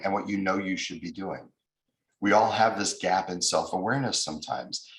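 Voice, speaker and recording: A man's voice: low voice, fairly bright tone, echoey room, poor audio. An American man giving a recorded lecture as a mediation trainer, explaining with examples and acting out angry voices he quotes.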